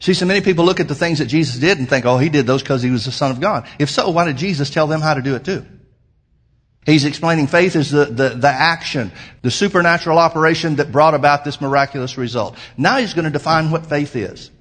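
A man's voice: a little high, fast, fairly bright tone. A middle-aged man preaching a sermon as pastor, stressing his points with rising emphasis and slipping into a rambling personal story full of fillers.

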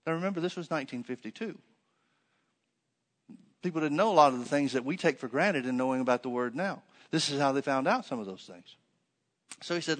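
A man's voice: medium pitch, expressive, brisk, long pauses, long reverb tail. A man preaching a conversational sermon, telling a story with many fillers and restarts.

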